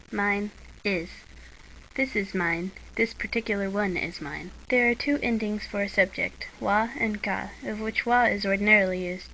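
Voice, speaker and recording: A woman reading a scripted language lesson, slipping dry sarcastic asides into the drills in a deadpan manner. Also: mid-range voice, slight background noise, low-quality recording.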